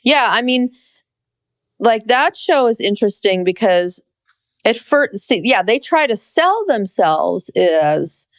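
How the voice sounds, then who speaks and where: Woman co-host, middle pitch, dry close sound, blunt and worried. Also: very animated, slow pace, no room sound. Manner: blunt, exasperated, concerned. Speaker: podcast co-host. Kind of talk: casual podcast chat.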